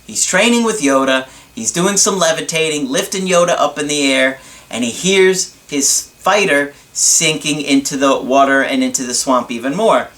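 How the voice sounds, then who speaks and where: A man's voice: a little high, moderate pace, a bit bright. Earnest, emphatic man coaching. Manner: earnest, emphatic, addresses listeners directly. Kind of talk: casual motivational teaching talk.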